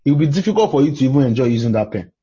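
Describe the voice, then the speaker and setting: A Nigerian man with a very husky, deep-toned voice preaches in a conversational way, telling stories with frequent exclamations. His warm, mellow sound comes through a dull lo-fi recording. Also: lively intonation, racing.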